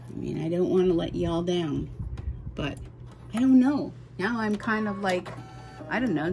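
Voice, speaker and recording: A woman's voice: fairly low pitch, darkish tone, a little hiss or hum. A woman chatting to viewers while working at a machine, flustered and apologetic. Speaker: embroidery vlogger. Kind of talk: casual how-to chat while working. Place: home sewing room with window open and ceiling fan. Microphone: camera mic, no microphone on.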